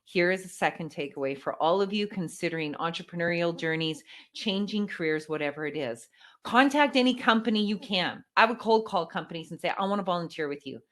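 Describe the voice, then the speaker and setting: Middle-aged Canadian woman, keynote speaker; slightly low voice, polished broadcaster polish with lively storytelling emphasis. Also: fairly quick. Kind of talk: motivational keynote speech.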